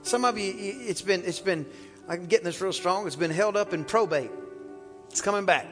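Fervent high-voiced preacher in a reverberant church. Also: male voice, moderate pace, faint music behind. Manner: fervent preaching, rising to shouts, calls for congregation responses. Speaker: pastor. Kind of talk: sermon. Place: church sanctuary.

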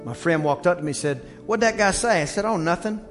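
A man preaching a sermon as pastor, telling stories and breaking into shouts on his strongest points. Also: high voice, lively intonation, faint music behind. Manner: preaching with rising shouts and quick asides.

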